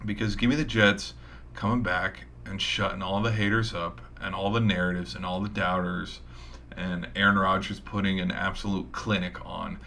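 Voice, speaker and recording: A man's voice: low-pitched, sharp tone, a little hiss or hum. A man hosting a sports show, rambling through casual game predictions with hype and mild swearing, his voice a little tired. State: tired, voice giving out.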